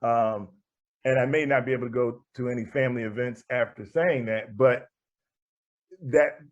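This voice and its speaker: A man of mid pitch, a jazz composer, spins a story in a relaxed interview, acting out the voices he quotes and laughing often. The podcast audio is a little muffled and lo-fi. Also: moderate pace. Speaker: guest jazz musician and composer.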